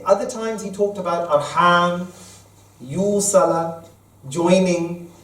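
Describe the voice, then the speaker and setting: A man's voice: sits high, steady tone, takes it slowly, fairly bright tone. A man giving a Friday sermon as imam, quoting Arabic verses and explaining them in plain terms. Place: mosque hall. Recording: echoey hall, mic at a distance.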